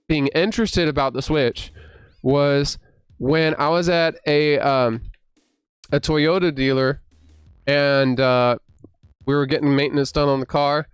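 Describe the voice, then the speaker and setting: A young man hosting a livestream, chatting casually and retelling things with excitable, animated reactions. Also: fairly high pitch, smooth, dry recording. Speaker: streamer host.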